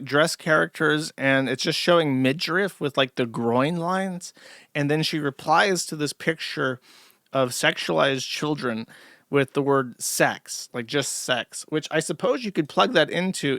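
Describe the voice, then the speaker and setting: Gravelly sarcastic streaming commentator. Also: male voice, fairly high pitch, fairly bright tone, no echo, clean studio sound. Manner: sarcastic, mocking. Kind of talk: livestream commentary.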